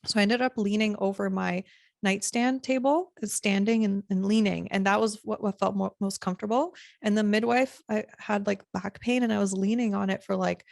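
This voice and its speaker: A young woman hosting a podcast, telling a story in a lively, casual way and acting out what people said. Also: mid-range voice, moderate pace, vocal fry, no room sound, clean studio sound. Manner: animated, acts out quoted lines with laughter. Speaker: podcast host.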